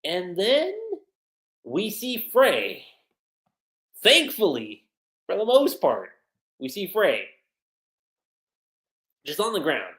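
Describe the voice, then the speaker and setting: A man chatting through a manga chapter on a livestream in an unhurried, drawn-out way. His pitch moves up and down a lot, and his voice sounds roomy and echoey. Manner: animated, chatty, frequent laughter and fillers. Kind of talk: casual livestream commentary.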